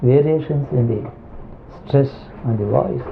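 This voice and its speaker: A man giving a spiritual discourse as a teacher, halting and restarting as he searches for words. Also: mid-range voice, creaky. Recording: tinny phone-like lo-fi recording with faint hiss.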